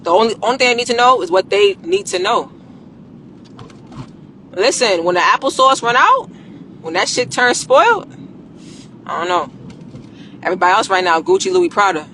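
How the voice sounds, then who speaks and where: A woman's voice: mid-range voice, normal speed, pauses often, a little hiss or hum. Blunt slangy woman coaching on a live stream. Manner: blunt, animated, slangy, swears freely. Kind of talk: casual live-stream talk.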